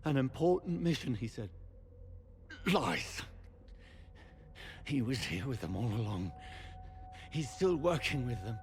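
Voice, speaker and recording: An actor playing a dying, tortured male knight who is weak and in pain, speaking in a strained, gravelly whisper in halting, broken phrases. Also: medium pitch, sing-song, slight background noise. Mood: urgent, bitter. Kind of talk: video game voice acting.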